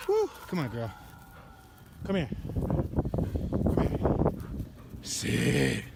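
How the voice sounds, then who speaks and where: A man vlogging while jogging outdoors with his dog, out of breath, excitable and full of slang. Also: mid-range voice, drawn-out words, vocal fry, long pauses, very noisy. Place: outdoors on a street. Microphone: handheld camera.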